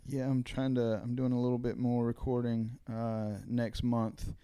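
A man being interviewed as a songwriter guest, soft-spoken and hesitant, often repeating his words. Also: mid-range voice, little pitch movement, measured pace, smooth. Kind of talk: casual interview chat.

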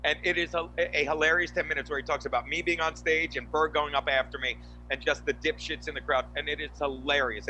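A man hosting a podcast, telling animated stories in casual chat with lots of asides. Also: on the high side, a little hiss or hum, poor audio. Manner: animated storytelling, frequent asides. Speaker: podcast host.

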